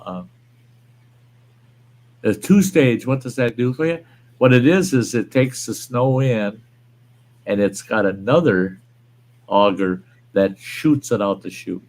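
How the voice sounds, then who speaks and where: A man hosting a livestream, chatting casually, rambling and reading viewer comments aloud. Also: low voice. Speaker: livestream host. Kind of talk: casual chat.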